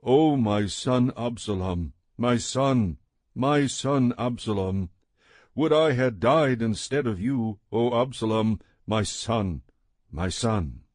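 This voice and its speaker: A man reading the lines of a grieving old king who mourns his son, slow and mournful. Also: on the low side, lively intonation, no echo, studio quality.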